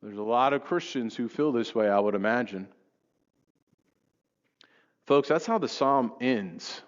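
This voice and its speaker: In a church sanctuary, a man preaches to his congregation with lively intonation and a slightly slow pace, his reading of scripture rising high with impassioned fervor before he drops low to reflect. The recording is dull and lo-fi, made in a reverberant hall with long church reverb.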